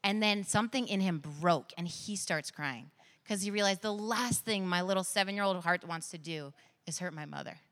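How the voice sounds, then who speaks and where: A woman's voice: fairly low pitch, normal speed, a bit bright. A woman in her thirties preaching a sermon, telling personal stories in an earnest way with bursts of laughter. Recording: long reverb of a large hall.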